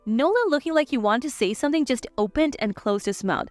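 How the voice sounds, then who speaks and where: Lively high-voiced woman narrator. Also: a little fast, few pauses, no room sound, soft background music. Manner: lively, cold when retorting. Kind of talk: scripted first-person story narration.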